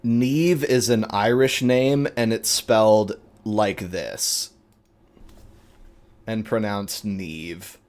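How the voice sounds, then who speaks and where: Male game master, lowish voice, leisurely rambling narration. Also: fairly even intonation, clear, resonant tone. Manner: unhurried, rambling with fillers.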